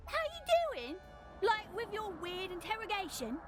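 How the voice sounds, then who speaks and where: A woman's voice: very high voice, very animated, unhurried, exaggerated voice. A woman voicing a rude, irritable alien city dweller in a comedy game, snapping and cursing in exasperation. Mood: irritated. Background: loud game music.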